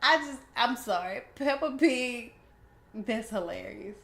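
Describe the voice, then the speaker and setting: A woman's voice: on the high side, animated, slow, gravelly, a bit bright. A young woman co-hosting a casual chat podcast, ranting emphatically and laughing freely. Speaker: podcast co-host. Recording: roomy echo.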